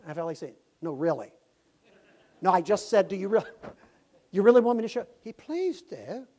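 A man delivers a storytelling sermon from the pulpit. His voice sits high for a man, and he moves between ringing, emphatic outbursts and quiet, confiding asides. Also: quick pace. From Tennessee, USA. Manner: animated, swings from loud exclamations to hushed asides. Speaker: pastor. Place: church sanctuary.

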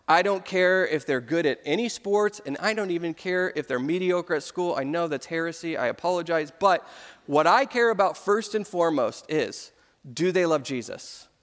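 A man in his thirties preaches a sermon as pastor, telling stories with easy humor. His voice sits a little high for a man. It carries a long reverb from a large sanctuary. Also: lively intonation, normal speed, fairly bright tone. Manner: storytelling with humor.

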